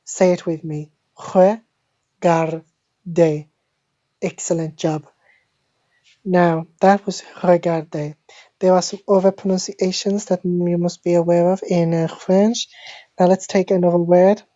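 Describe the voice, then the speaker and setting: Woman doing a fake language lesson, low mellow voice, dull lo-fi phone recording. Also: fairly even intonation, no echo. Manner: slow, deliberate, repeats words like a teacher. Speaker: mock French teacher. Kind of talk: deadpan parody language lesson.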